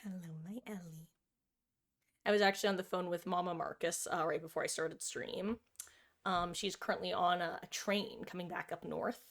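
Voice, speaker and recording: A woman's voice: fairly low pitch, fairly even intonation, brisk, gravelly. A woman streamer chatting casually with her viewers and cooing over her cat in a baby-talk voice. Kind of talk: casual live-stream chat.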